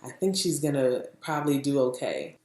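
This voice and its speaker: Chatty low-voiced woman vlogger, roomy sound. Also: a little fast. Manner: chatty, animated, laughs often, acts out quotes. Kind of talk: casual storytelling vlog. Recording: roomy echo.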